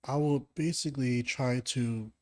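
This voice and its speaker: A man's voice: mid-range voice, steady tone, measured pace. A man who is a podcast guest, telling a personal story in a plain-spoken, earnest way.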